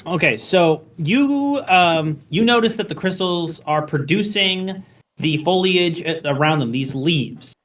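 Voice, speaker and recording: A man's voice: a little high, lively intonation, measured pace, fairly bright tone. A man running a tabletop game as game master, describing scenes with frequent ums. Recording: voice far from the mic.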